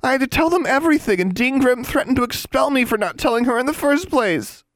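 A man doing a high, tearful teenage girl. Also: vocal fry, darkish tone, no echo. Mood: distraught. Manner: high-pitched, tearful and rushed. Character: crying anxious teenage girl roommate.

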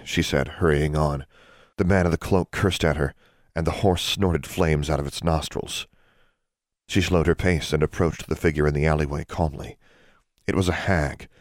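A man reading a fantasy audiobook in a steady, measured way. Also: rumbling low, no echo, studio quality. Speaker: audiobook narrator. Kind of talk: scripted narration.

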